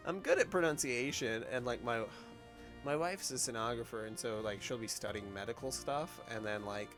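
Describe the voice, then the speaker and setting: A man streaming a game, talking casually and rambling, self-deprecating and full of fillers, with game music behind. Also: mid-range voice. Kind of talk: casual gameplay commentary.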